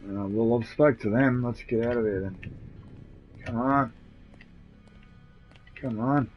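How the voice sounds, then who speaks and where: A man's voice: medium pitch, takes it slowly, soft background music. Australian man, rambling game stream chat. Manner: rambling, swearing, laughing, chatting to friends. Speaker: gamer streaming live. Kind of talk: casual live-stream chat while gaming. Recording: dull lo-fi console stream audio.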